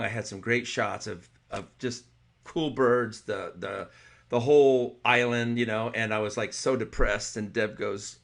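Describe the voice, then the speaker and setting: A man's voice: medium pitch, fairly bright tone. Guy co-hosting a podcast, telling a rambling story, laughs a lot, lots of restarts. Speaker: podcast co-host. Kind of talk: casual storytelling chat.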